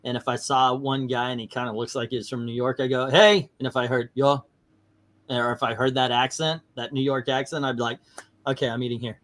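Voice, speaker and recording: A man's voice: mid-range voice, level tone, fast, hardly any pauses, a bit bright. A man hosting a casual livestream, telling rambling stories and laughing often. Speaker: livestream host.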